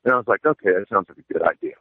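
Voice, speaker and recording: Guy rambling through a woods story on a tinny phone line, kinda low voice. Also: expressive, racing, vocal fry, no echo. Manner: rambling, plainspoken, uses folksy phrasing. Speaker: caller telling an encounter story. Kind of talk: casual first-person storytelling.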